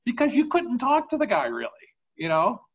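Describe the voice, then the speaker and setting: Lively, husky woman telling a story. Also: fairly high pitch, fairly quick, lo-fi sound. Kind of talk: casual webinar chat.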